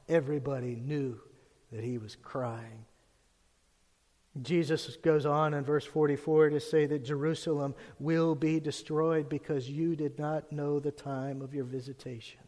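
A man giving a sermon as pastor, earnest, dropping his voice low and soft when he reads scripture. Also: steady tone, measured pace, in a large hall.

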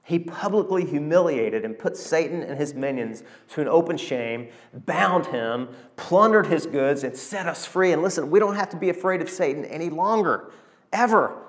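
A man, preaching a sermon and telling stories with animated, emotional delivery. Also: a little high, moderate pace. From Arkansas, USA. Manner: animated storytelling preacher, emotional, calls to the congregation. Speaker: pastor.

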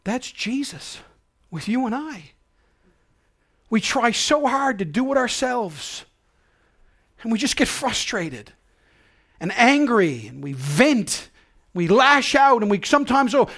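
A male pastor preaching a sermon in an earnest way, dropping to a hush and rising to loud cries. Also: very high voice, big pitch swings, unhurried. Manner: earnest, swings from hushed to loud.

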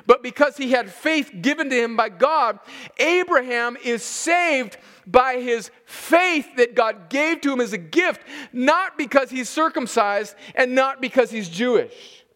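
A man preaching an expository sermon as a pastor, slowing down to stress key words and chuckling between points. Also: very high voice, fairly bright tone. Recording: long reverb of a large hall.

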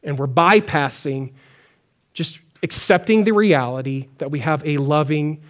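A pastor preaching a conversational sermon, acting out pleading prayers. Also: male voice, fairly high pitch, unhurried.

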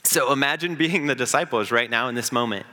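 A man preaching a sermon as pastor, earnest, building up and slowing down for emphasis. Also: mid-range voice, bright, forceful tone, long reverb tail.

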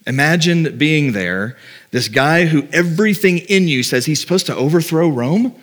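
A man's voice: fairly high pitch, animated, moderate pace, a bit bright. A middle-aged man preaching a sermon as pastor, talking in a conversational way and acting out doubts in quoted voices.

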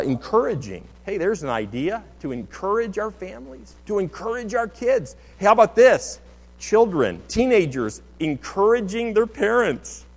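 A middle-aged man preaching a sermon as pastor, in an earnest, conversational way with many restarts. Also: mid-range voice. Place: church sanctuary. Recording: long hall reverb.

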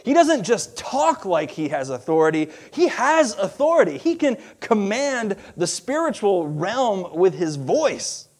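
A man preaching a sermon in a conversational, animated way, with asides and laughs. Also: high-pitched, unhurried, few pauses. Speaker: pastor.

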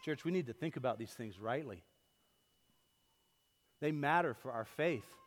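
A man preaching a sermon as pastor, telling everyday stories in a lively way that swings from loud to hushed. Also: medium pitch, normal speed. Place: church sanctuary. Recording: long hall reverb.

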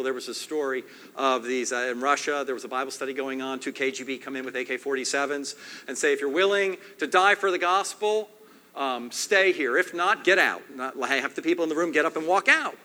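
Bright-voiced man preaching with hall reverb. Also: mid-range voice. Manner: emphatic, swings loud and soft, repeats phrases. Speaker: pastor. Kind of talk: sermon.

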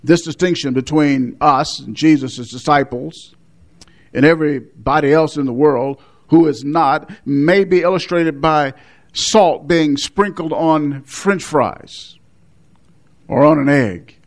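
A male pastor, preaching a measured sermon, with emphatic repetitions. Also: on the high side.

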